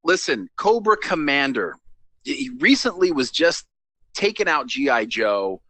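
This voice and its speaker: A man with a bright voice co-hosting a casual comedy show. He tells game matchups with a lively, swinging melody, teases his partner and keeps things moving. The recording is dry and close. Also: on the high side, a little slow, dry recording. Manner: animated storyteller, teasing, moves the show along. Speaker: co-host.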